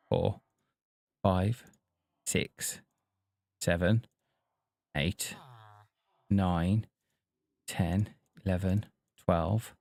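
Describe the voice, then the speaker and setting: Laid-back guy muttering along while he plays, unhurried and lowish voice. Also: gravelly, a little mellow, dry recording. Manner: chatty, talks to himself and the villagers. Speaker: streamer. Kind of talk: casual gameplay commentary.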